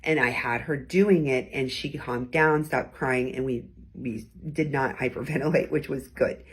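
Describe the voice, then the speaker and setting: A woman's voice: very deep voice, unhurried, breathy edge. A woman hosting a weekly talk, teaching about tone of voice in a conversational, encouraging way and acting out different tones as examples. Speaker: host and communication coach.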